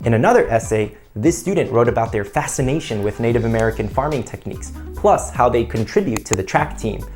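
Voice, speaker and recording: Brief: upbeat male essay coach, chatty explainer, soft music underneath. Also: mid-range voice, animated, fairly quick. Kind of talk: instructional video.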